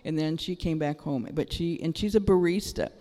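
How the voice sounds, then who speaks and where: A middle-aged woman giving an animated testimony in a sermon, breaking into excited exclamations. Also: deep voice, moderate pace. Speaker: church speaker. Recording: long reverb of a large hall.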